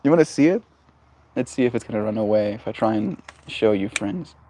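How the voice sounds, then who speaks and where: A man streaming live from a porch, chatting with his viewers in a gentle, rambling way full of fillers. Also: fairly low pitch, expressive, brisk, a little hiss or hum. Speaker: livestreamer. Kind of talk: casual chat with viewers. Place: outdoors on a porch.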